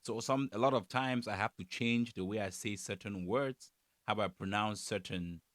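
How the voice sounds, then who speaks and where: A man's voice: on the low side, moderate pace, no room sound, clean studio sound. A man from Cameroon with a Cameroonian English accent, chatting casually as he reacts to a comedy clip. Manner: relaxed, chatty, frequent fillers. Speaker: YouTube reactor.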